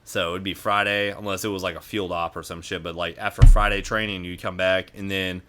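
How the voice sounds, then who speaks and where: A man's voice: low voice, level tone, brisk, a bit bright. A young man telling stories in casual chat, rambling and swearing a lot, with many fillers. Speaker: podcast guest.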